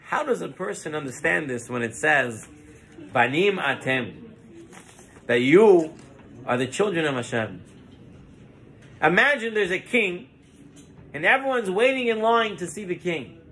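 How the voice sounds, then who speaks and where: Animated rabbi, high lively man's voice. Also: unhurried, pauses often. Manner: animated, mixes Hebrew terms into English. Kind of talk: Torah lesson with storytelling.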